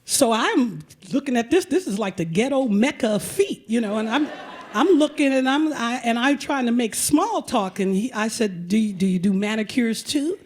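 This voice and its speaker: Animated woman telling a comic story. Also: fairly high pitch, normal speed, slightly rough. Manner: animated, comic, breathless asides. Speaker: storyteller and host. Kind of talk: live stage storytelling. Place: museum auditorium.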